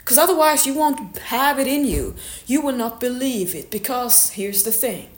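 A woman's voice: high voice, lively intonation, moderate pace. A woman fitness coach giving a blunt, candid motivational monologue and swearing now and then. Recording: echoey room.

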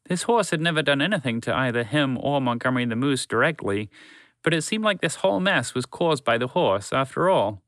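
A man narrating a children's story in a calm, measured, friendly way. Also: mid-range voice, no room sound.

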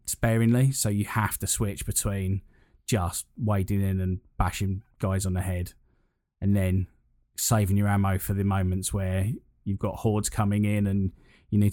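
A man's voice: fairly low pitch, a little mellow, no room sound, studio quality. Rambling man chatting about games. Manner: rambling, lots of fillers and restarts, enthusiastic. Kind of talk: casual gaming chat.

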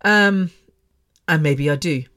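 A woman's voice: low voice, slow pace, a bit bright, clean tone. A middle-aged woman hosting her own podcast from her bedroom, talking frankly and emotionally, often laughing and restarting her sentences. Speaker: podcast host. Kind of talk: candid personal podcast monologue. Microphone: microphone.

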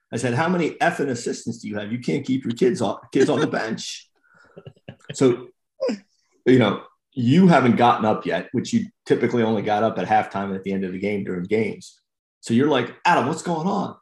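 A man's voice: lowish voice, echoey room, rough recording. A man, a basketball referee and podcast host, telling a story in casual chat, rambling and making fun of himself. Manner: rambling with restarts, self-mocking.

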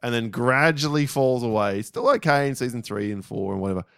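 A man's voice: mid-range voice, lively intonation, brisk, vocal fry, a bit bright, smooth, no echo, clean studio sound. A man co-hosting a podcast in casual chat, wry and laughing often. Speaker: podcast co-host.

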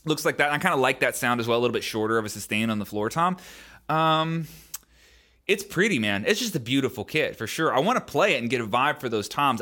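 Bright-voiced man rambling on a podcast. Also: mid-range voice. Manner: rambling, hedging, many fillers. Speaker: podcast co-host. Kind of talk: casual podcast chat.

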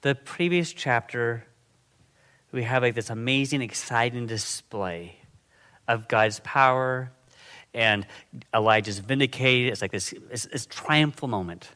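A middle-aged man preaching a sermon in a conversational, animated way, often checking in with his listeners. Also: medium pitch, a little slow. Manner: conversational, animated, frequent "okay?" and "right?" check-ins. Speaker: pastor.

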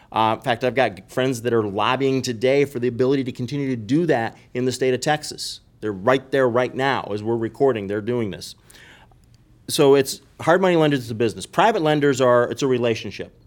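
A man in casual podcast talk, explaining things emphatically and repeating his key points. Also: medium pitch. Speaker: real estate investor and podcast guest.

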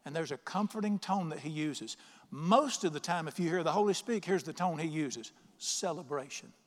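A middle-aged man delivers an emphatic sermon, reading scripture slowly and firing questions at the congregation. His voice sits a little high for a man, and it rings out through a large church hall with a long reverb. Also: animated. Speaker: pastor.

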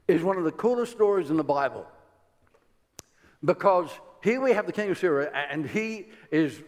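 An Irish preacher delivering a storytelling sermon in a church hall, lively and full of stumbling restarts and chuckles. His voice sits somewhat high for a man, and a long hall reverb trails every phrase.

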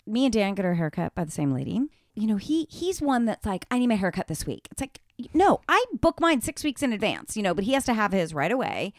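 A woman's voice: medium pitch, brisk, few pauses, dry recording, clean studio sound. A woman co-hosting a podcast, telling a casual story with swearing and acted-out quotes. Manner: animated storyteller, swears freely, acts out quotes. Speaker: podcast co-host. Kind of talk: casual chat.

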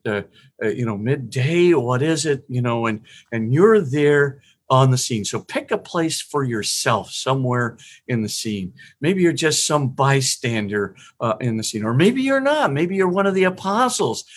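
A middle-aged priest giving conversational spiritual teaching, retelling gospel scenes with animation and briefly voicing the people in them. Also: male voice, medium pitch, husky. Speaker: priest and podcast guest.

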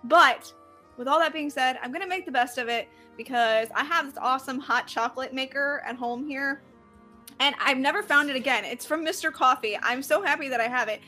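A woman's voice: high voice, fairly quick, pushed and bright, soft background music. A woman co-hosting a podcast, chatting casually in a rambling way. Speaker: podcast co-host. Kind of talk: casual chat.

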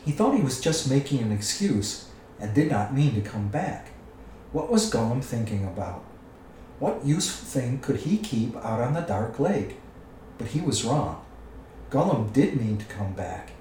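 A man reading a storybook aloud with expressive storytelling. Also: mid-range voice, measured pace, distant mic, a little hiss or hum. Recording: echoey room, away from the mic.

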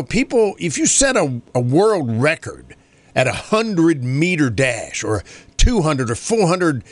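Male morning radio host, animated, fairly high voice, dry close sound. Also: dry recording. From North Carolina. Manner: chatty and rambling, laughs often. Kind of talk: casual morning radio talk.

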